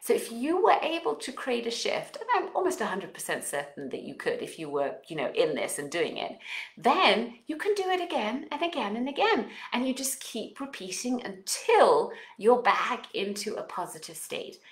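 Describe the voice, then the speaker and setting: A woman with a non-native English accent talking as a parenting coach, guiding listeners through exercises and affirmations in an expressive, coaching manner. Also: fairly high pitch, normal speed, roomy sound. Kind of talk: guided self-help talk with exercises.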